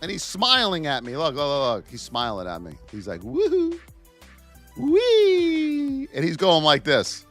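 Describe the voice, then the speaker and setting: A man teaching stock trading while reviewing charts live, in an excitable, playful way with frequent exclamations. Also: medium pitch, a little fast, hardly any pauses, soft background music. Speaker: trading educator.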